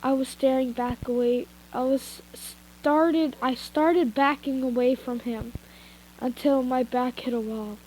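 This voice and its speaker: A woman's voice: sits high, fairly even intonation, takes it slowly, darkish tone, slight background noise, poor audio. A young woman with a stuffy nose casually reading fan fiction aloud, giggling and breaking off into chatty asides. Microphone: headphones with mic.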